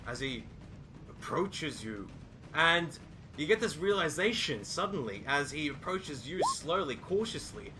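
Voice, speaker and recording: A man narrating as game master, telling the story in a lively, improvised way. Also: on the high side, a little slow, over loud music.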